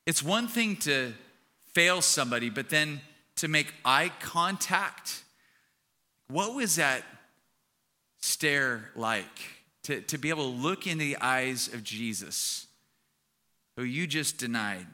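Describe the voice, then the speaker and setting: A man's voice: fairly high pitch, lively intonation, takes it slowly, long pauses, bright, forceful tone. A male pastor giving a conversational sermon, telling a story and acting out quotes.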